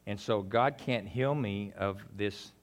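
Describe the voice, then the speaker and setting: A man preaching a sermon in a folksy, conversational way, talking straight to his congregation, now emphatic, now quiet and intimate. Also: on the low side, takes it slowly. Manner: swings between emphatic and quiet, intimate delivery. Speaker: pastor.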